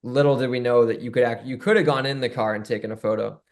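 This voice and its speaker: A man's voice: medium pitch, fairly even intonation, fast. A man with an ordinary mid-range voice tells rambling, conversational stories. His tone is loose and talky, as on a casual podcast. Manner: chatty storyteller, loose and rambling. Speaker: podcast guest. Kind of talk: casual anecdote telling.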